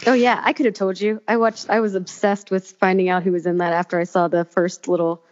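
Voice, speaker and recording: A woman's voice: mid-range voice, flat delivery, fairly quick, a little mellow, lo-fi sound. A woman co-hosting a podcast in casual chat, rambling with fillers and restarts. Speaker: podcast co-host.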